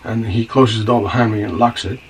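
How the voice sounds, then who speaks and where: A man's voice: fairly low pitch, steady tone, fairly quick, recorded from a distance, slight background noise, lightly acted, rough recording. Man playing a rambling, profane scoundrel. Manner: rambling, stammering storyteller, blunt and profane. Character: rough-talking scoundrel man telling a wild story. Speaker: narrator.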